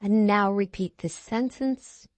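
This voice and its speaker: Woman giving slow lesson prompts. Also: mid-range voice. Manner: brief, even instructions. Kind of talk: recorded instruction prompts.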